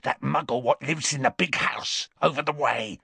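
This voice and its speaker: A man voicing a volatile drunken older hermit who speaks in rough, coarse country speech. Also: mid-range voice, normal speed, sharp tone, dry recording, exaggerated voice. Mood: dazed, muttering.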